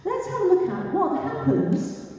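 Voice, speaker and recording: Woman speaker, high animated voice, mellow tone, chatty with the audience, distant mic, long hall reverb. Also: unhurried. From England. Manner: lively, chatty, asks the audience questions. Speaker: speaker giving a talk. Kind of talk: live talk to an audience. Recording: echoey hall, mic far off.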